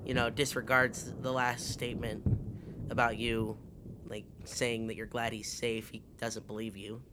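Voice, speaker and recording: A man narrates a tabletop game as game master, talking slowly and haltingly. He trips through fillers and restarts as he describes scenes. A faint hiss sits behind his voice. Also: medium pitch, little pitch movement.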